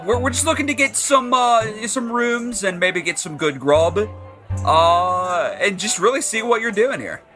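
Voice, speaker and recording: A man's voice: high voice, sharp tone. A man playing a tabletop role-playing game, talking in a laid-back, jokey way. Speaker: player.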